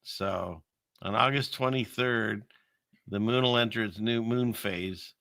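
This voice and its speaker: A man's voice: lowish voice, slow, vocal fry, bright, forceful tone, no echo, clean studio sound. A man hosting a show, rambling wryly through video clips and talking to his chat. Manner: rambling, wry, talks to chat. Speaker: show host. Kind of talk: casual commentary on video clips.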